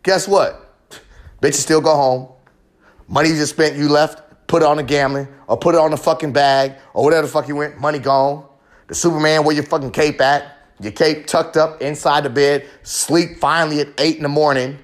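A young man pours out a raw confessional monologue on his own podcast. His voice sits a little high, and he swears constantly. He rambles and repeats himself as his passion builds. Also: fairly even intonation, moderate pace. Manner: profane, impassioned, rambling. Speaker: podcast host.

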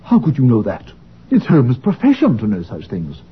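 An actor playing an earnest, eager gentleman sidekick who exclaims often. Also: medium pitch, wildly swooping pitch, moderate pace, slightly rough, lo-fi sound, full character voice.

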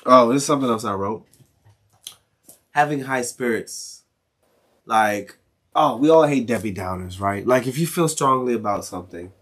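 A man's voice: medium pitch, moderate pace, pauses often, a bit bright. A young man from Maryland hosting a casual solo podcast, ranting with lots of swearing, restarts and chuckles. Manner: profane, rambling rant with frequent laughs. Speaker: podcast host.

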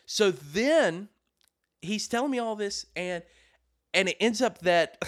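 A man's voice: sits high, slow pace, pauses often, no room sound, studio quality. A man co-hosting a podcast, telling an anecdote in casual chat and acting out the people in it. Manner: animated storyteller who acts out the people in his story and laughs often. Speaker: podcast co-host telling a story.

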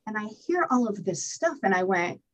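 A woman guest telling her own recovery story in an interview, candid and animated, swearing freely and acting out what she told herself. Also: medium pitch, moderate pace, muffled recording. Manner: candid, animated storytelling with profanity and acted-out inner voices. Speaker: podcast guest.

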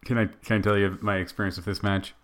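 A man's voice: lowish voice, little pitch movement, fast, a bit bright. A man co-hosting a casual wrestling podcast, telling stories in a playful, self-mocking way. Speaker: podcast co-host.

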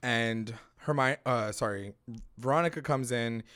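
A man's voice: medium pitch, unhurried, a bit bright, smooth. A man co-hosting a podcast, casually recapping a TV episode, acting out characters' lines and swearing freely. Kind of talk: casual chat.

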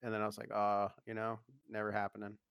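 A gravelly male voice with plenty of vocal fry, chatting loosely on a podcast and stumbling over fillers. The sound is close and dry. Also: lowish voice, completely flat delivery, a bit bright, no room sound. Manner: halting, filler-heavy, laughs easily. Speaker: podcast co-host. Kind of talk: casual chat.

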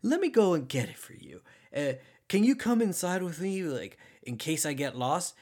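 Casting: man doing a creepy, overly friendly young man, high sing-song coaxing, insistent. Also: very animated, normal speed, darkish tone. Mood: eerie, coaxing. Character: unsettling mentally ill young man, eerily friendly.

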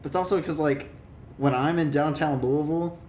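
A man's voice: fairly even intonation, brisk, darkish tone. A young man chatting casually. He chimes in with a laid-back, filler-heavy way of talking. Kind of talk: casual chat. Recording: echoey room, faint rumble.

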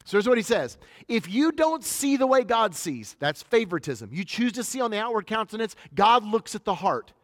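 A man's voice: high-pitched, sing-song, moderate pace, few pauses, fairly bright tone, no room sound, clean studio sound, long reverb tail. A middle-aged man preaching a sermon as a pastor, switching between conversational storytelling and emphatic points.

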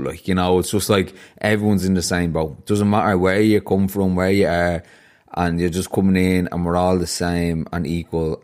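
A man's voice: low voice, darkish tone. A man with an Irish accent hosting a podcast, chatting casually and rambling through stories with lots of fillers. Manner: rambling, storytelling, many fillers. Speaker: podcast host. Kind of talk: casual interview chat.

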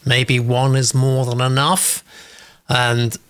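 A man's voice: medium pitch, completely flat delivery, slow pace, fairly bright tone, clean tone. A man hosting a live stream, chatty, reading out viewer comments with asides. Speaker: host.

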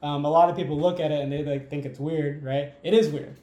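A man's voice: on the high side, fairly even intonation, brisk, mellow, roomy sound. A man talking casually and enthusiastically as a podcast guest, rambling and asking "right?" often. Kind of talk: casual conversation.

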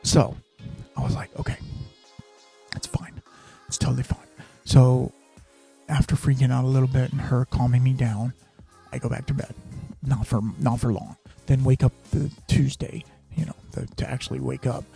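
A man's voice: mid-range voice, level tone, normal speed, gravelly, mellow, husky, faint music behind. A man hosting a podcast, telling a personal story in a rambling, casual way, full of fillers and restarts. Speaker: podcast host.

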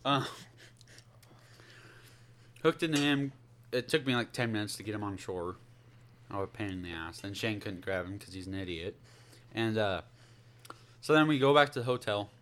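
A man's voice: fairly low pitch, animated, moderate pace, long pauses, a bit bright, a little hiss or hum. A young man co-hosting a casual podcast, telling a story in a rambling way and losing his thread. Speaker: podcast co-host.

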